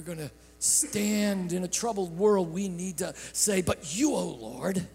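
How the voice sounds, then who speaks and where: A man preaching a sermon from a church sanctuary, swinging between bursts of shouting and hushed, drawn-out phrases. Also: high-pitched, creaky, slightly rough, soft background music. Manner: impassioned preaching with sudden shouts and hushed drops; slow, drawn-out delivery. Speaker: pastor. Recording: echoey sanctuary with long reverb.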